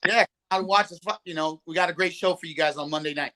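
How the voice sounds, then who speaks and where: Man, guest host, high bright voice, friendly casual chat. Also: fast. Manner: friendly, calls people brother.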